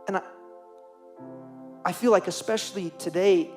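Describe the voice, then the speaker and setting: A man's voice: fairly high pitch, a little slow, pauses often, darkish tone, faint music behind. A young man preaching a sermon to teenagers as youth pastor, earnest and emotional, repeating phrases for emphasis.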